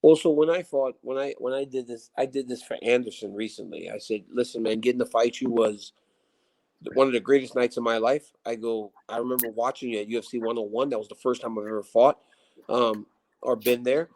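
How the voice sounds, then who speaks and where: A man in his forties, a former fighter, talking as a guest in a casual interview in a relaxed, reflective way, often restarting his sentences. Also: mid-range voice, fairly quick, low-quality recording.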